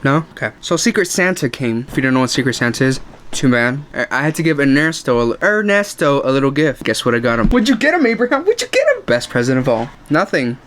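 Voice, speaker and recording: A man's voice: lively intonation, fast, a bit bright. A young man telling funny school stories to the camera in a casual, self-mocking way. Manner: joking, self-mocking, with sudden high yelps. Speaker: vlogger.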